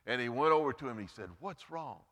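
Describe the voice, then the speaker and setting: A man's voice: racing, bright, forceful tone, big-room sound. A man preaching a Mother's Day sermon as pastor, earnest, lifting and dropping his voice for emphasis, then praying. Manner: earnest preaching, pitch and volume rising and falling for emphasis. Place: church sanctuary.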